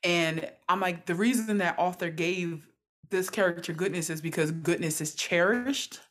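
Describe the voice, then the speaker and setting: Slangy, reflective woman, lowish voice. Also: normal speed. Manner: relaxed, reflective, slangy storytelling. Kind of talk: casual chat.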